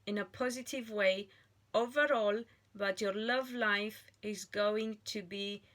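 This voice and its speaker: A woman reads tarot cards aloud in an unhurried, deliberate way. Her voice sits at a middle pitch, and she often pauses and restarts her phrases as she thinks. The tone stays sincere throughout. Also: fairly bright tone. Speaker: tarot reader. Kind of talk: slow, earnest psychic reading monologue.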